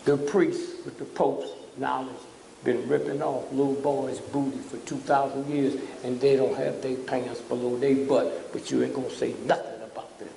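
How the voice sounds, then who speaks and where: A man's voice: mid-range voice, level tone, moderate pace, creaky, warm tone, a little hiss or hum. An older man giving a fiery public lecture, preachy and provoking, often tossing out "huh?" at the audience. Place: lecture hall. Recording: echoey hall from a distance.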